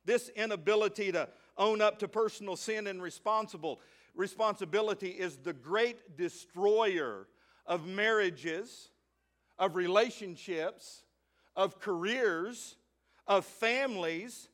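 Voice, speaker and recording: A middle-aged male pastor preaching a sermon to his church, swinging between loud emphasis and quiet asides, slowing down to read scripture. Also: high-pitched, animated. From Arkansas, USA. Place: church sanctuary.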